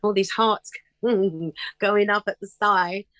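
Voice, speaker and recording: A woman's voice: medium pitch, steady tone, takes it slowly, fairly bright tone, no echo. A middle-aged woman talking as a guest in a casual interview, chirpy and upbeat, telling stories with animation. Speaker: guest singer.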